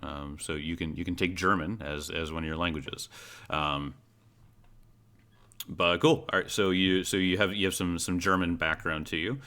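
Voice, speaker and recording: A man's voice: sits low, steady tone, moderate pace, sharp tone. A man running a tabletop role-playing game as game master, talking with many fillers and restarts. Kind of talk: guiding character creation in a tabletop game.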